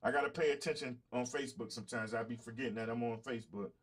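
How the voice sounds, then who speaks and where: A man's voice: medium pitch, fast, husky. A man hosting a livestreamed podcast, giving heated, profane commentary straight to his chat. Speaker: podcast host.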